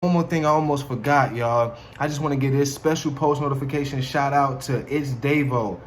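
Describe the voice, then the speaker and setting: A man's voice: mid-range voice, a little fast, noisy background. A young man co-hosting a casual vlog, chatting in a laid-back, slangy way while he eats. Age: young adult. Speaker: vlog co-host. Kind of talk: casual chat over a meal. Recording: echoey room with faint music.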